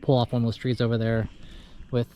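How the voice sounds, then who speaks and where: A man with a mellow, medium-pitched voice talks briskly in a completely flat delivery, casually narrating his day of tree service work. He's chatty and laid-back, talking while he works outdoors in a yard, with work noise audible behind him.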